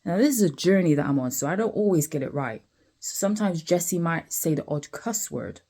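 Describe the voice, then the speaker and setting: A woman's voice: low voice, lively intonation, brisk, mellow, slightly rough. A tired woman, talking candidly in a personal vlog while sitting outside, often repeating herself and asking the listener if they follow. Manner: candid, conversational, repeats phrases, frequent asides to the listener. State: tired, yawning. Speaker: vlogger.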